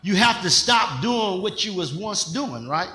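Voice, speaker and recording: An older man, a pastor, preaching in a conversational style with call-and-response questions, rising at times to shouts. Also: high voice, very animated, unhurried, reverberant. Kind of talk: sermon.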